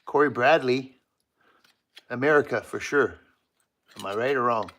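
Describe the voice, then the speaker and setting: A man's voice: medium pitch, measured pace, a bit bright. A Canadian man hosting a live stream from his home workshop, chatting casually and greeting viewers by name while he works. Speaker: livestream host.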